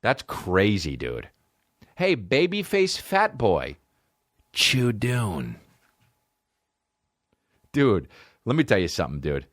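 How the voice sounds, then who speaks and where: A man hosting a comedy podcast, ranting profanely and swinging between excited highs and low mutters. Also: a little slow, no echo, studio quality. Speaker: podcast host. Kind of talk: solo comedy podcast rant.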